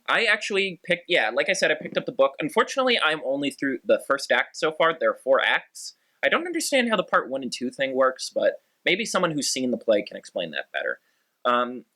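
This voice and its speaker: A man hosting a podcast chats in a rambling, animated way. His voice is bright and rises and falls a lot. He fills gaps with "um" and "like". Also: a little high. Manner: animated, rambling, frequent fillers. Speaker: podcast host. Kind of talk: casual podcast chat.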